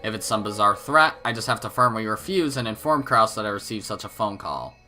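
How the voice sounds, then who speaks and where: A man's voice: fairly low pitch, expressive, a little fast, sharp tone. A man voicing a stern, proud middle-aged noblewoman who talks in an indignant, commanding, clipped way. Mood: resolute.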